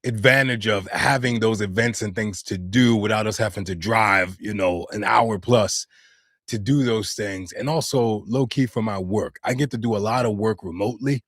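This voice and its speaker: A man's voice: on the low side, moderate pace, a bit bright, no echo, studio quality. An American man and voice actor chatting casually on a live stream, answering viewer comments with loose slang. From United States. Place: home studio.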